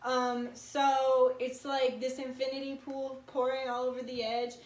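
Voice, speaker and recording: A woman's voice: sits high, level tone, a little slow. A woman in her twenties giving a casual tarot reading, chatty and full of filler words and swearing. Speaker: tarot reader. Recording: echoey room.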